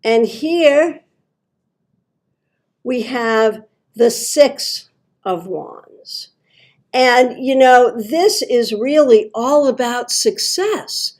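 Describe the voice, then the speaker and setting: Unhurried, chatty middle-aged woman tarot host. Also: high voice. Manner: warm, chatty and enthusiastic. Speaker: tarot reader, show host. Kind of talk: friendly livestream tarot reading.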